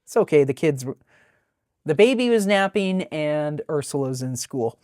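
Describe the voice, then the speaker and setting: Webcomic artist, casual sketchbook narration, rambling, chatty, mid pitch, dry room. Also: lively intonation, normal speed, a little mellow, no echo. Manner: rambling, filler-heavy, chatty.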